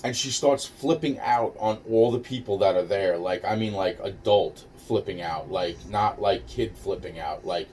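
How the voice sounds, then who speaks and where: A man's voice: on the low side, moderate pace, few pauses, darkish tone. A man casually telling a personal story, rambling and profane, with many restarts and fillers. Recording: distant mic with faint noise.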